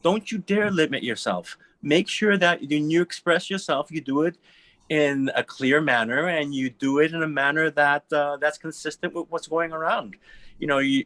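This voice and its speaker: A man speaking on a panel in a casual, animated, profane way, acting out little quoted voices. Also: mid-range voice, no room sound.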